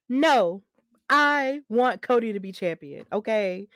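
A woman hosting a casual wrestling podcast, talking in an animated, emphatic way and repeating herself for weight. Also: fairly high pitch, slow, no room sound, studio quality. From Alabama. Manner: animated, emphatic and repetitive, venting frustration. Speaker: podcast host.

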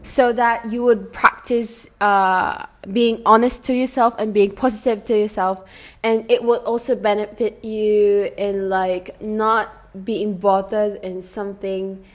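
A woman's voice: mid-range voice, fairly even intonation, takes it slowly. Young woman with a put-on British accent. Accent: put-on British over an American-style base. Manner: rambling, hesitant, many fillers and restarts; earnest, soft-spoken, with frequent light laughs. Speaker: podcast host. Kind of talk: casual solo podcast talk.

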